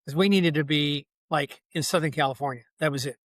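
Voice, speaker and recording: A man's voice: a little high, fairly quick, no echo. An older man, a podcast guest, telling long casual anecdotes full of asides. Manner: rambling, folksy anecdotes with many asides. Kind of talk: casual storytelling.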